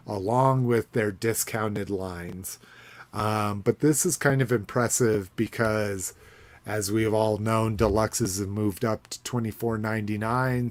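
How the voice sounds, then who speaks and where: A man's voice: fairly low pitch, a little mellow, a little hiss or hum. A man hosting a casual podcast chat about toy collecting, rambling with fillers and restarts. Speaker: podcast host.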